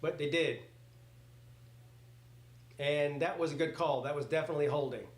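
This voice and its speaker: A man hosting a casual live reaction stream, calling plays as they happen in a rambling, excitable way that slips into swearing. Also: a little high, normal speed. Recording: roomy echoey home setup.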